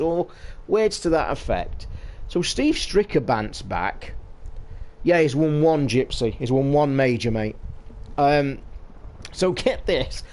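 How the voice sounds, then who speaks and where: A man's voice: on the high side, expressive, measured pace, a little mellow. A British man hosting a casual livestream chat, telling a story in a blunt, sweary, opinionated way. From United Kingdom. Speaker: podcast host. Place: home streaming setup.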